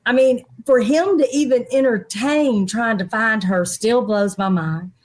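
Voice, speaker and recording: A middle-aged woman, a guest in an interview, telling a personal story in a lively way and acting out other people's voices. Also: a little high, measured pace. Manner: animated, acts out quoted people's voices.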